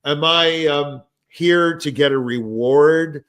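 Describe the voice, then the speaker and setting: A man's voice: a little high, takes it slowly, fairly bright tone. An older man in casual discussion, telling rambling stories with many fillers and restarts. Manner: rambling, anecdotal, many fillers like "you know". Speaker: podcast host.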